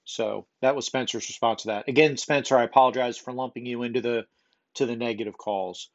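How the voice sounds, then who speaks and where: Male podcast host, mid-pitched, with rambling casual delivery and a muffled lo-fi sound. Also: fairly even intonation, fairly quick, creaky. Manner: rambling, self-deprecating, many ums. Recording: dull lo-fi recording.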